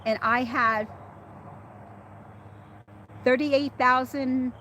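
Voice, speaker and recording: A woman's voice: high-pitched, steady tone, very slow, pushed and bright, slight background noise. A middle-aged woman hosting a casual livestream, chatting and laughing as she answers commenters by name. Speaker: livestream host reading viewer chat.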